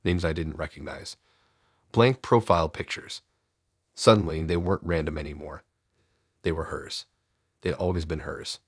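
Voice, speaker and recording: A man narrating a first-person horror story in a low, measured, ominous storytelling voice. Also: slightly rough, no room sound, clean studio sound.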